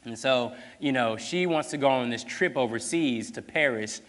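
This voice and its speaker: A man preaching a sermon, telling a story in a casual, animated way full of fillers. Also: mid-range voice, normal speed, long reverb tail.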